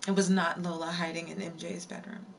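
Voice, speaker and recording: A woman's voice: fairly low pitch, flat delivery, a little fast, creaky, a little hiss or hum. A woman live streamer telling a spooky story in a casual way, repeating lines and breaking off to answer her chat. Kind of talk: storytelling on a livestream.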